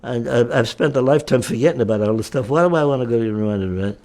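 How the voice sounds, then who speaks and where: An American man in his nineties, a war veteran telling a personal story in a halting way, with frequent restarts. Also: mid-range voice, darkish tone. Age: 90s. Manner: halting and repetitive, with many restarts and fillers.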